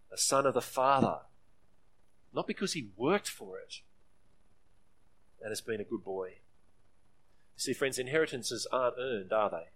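A man's voice: fairly bright tone, a little hiss or hum. A man preaching a sermon, earnest, briefly acting out the voices in the story. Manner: earnest preaching, acts out quoted voices with rising pitch. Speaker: pastor.

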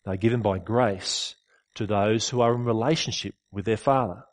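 A man's voice: on the low side, fairly even intonation, normal speed. A man preaching a sermon in an earnest, conversational way with rhetorical questions.

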